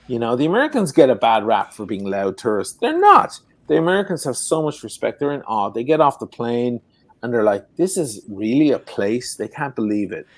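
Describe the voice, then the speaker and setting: An Irish man talks loosely and animatedly, tearing into a story with blunt swearing and quick swings of emphasis. His voice sits at an ordinary pitch. The sound is dry and close, with no room around it. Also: dry recording. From Ireland. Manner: animated, profane ranting storyteller. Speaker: guest. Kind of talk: casual chat. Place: home in Venice.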